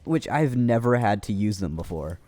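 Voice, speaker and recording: A man's voice: fairly low pitch, expressive, moderate pace, darkish tone. A young man casually telling a rambling, profane story with lots of restarts, as a streamer.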